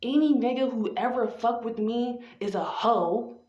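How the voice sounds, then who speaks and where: A woman's voice: a little high, a little mellow. Profane theatrical woman in echoey room. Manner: profane, theatrical, drawn-out phrasing. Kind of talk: spoken-word monologue. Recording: echoey, dull lo-fi room recording.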